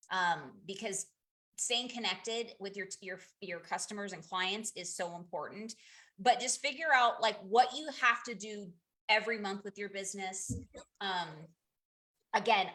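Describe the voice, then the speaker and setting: Woman in her thirties, team leader on a group call: chatty, candid, restarts often, bright forward tone. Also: mid-range voice. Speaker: direct sales team leader. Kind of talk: casual group coaching call.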